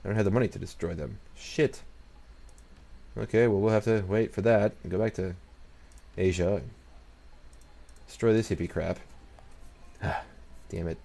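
A man's voice: on the low side, moderate pace, creaky, pauses often, warm tone. A man giving casual let's-play commentary as he plays, muttering to himself, talking back to the game's nations and swearing now and then. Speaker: gaming channel host.

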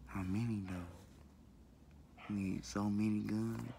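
A deep, gravelly-voiced man rambles on in a loose, slangy, repetitive way, cussing now and then. He talks casually to his viewers with a low, rough tone. Faint background noise sits under his voice. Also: little pitch movement, takes it slowly, long pauses, mellow. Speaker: vlogger. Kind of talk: casual talk to camera.

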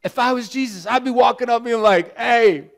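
A middle-aged male pastor preaching a sermon in an animated, conversational way with lots of fillers. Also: very high-pitched, brisk, gravelly. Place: church sanctuary.

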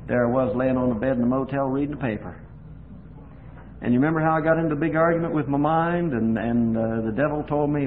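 Gravelly folksy preacher man. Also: medium pitch. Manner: homespun storytelling, repetitive emphasis. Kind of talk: folksy sermon. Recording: phone-like lo-fi with faint hiss.

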